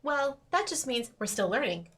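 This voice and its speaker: A woman taking part in a tabletop role-playing game, speaking in character in a soft, earnest way as one of a pair of twins. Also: sits high, sing-song, moderate pace, breathy edge. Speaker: player.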